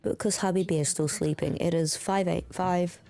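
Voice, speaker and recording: A young woman chatting quietly and giggly with viewers on a home stream, close to the mic, with a throaty, slightly hoarse tone. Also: on the low side, fairly even intonation, moderate pace, faint music behind. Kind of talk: casual chat with viewers.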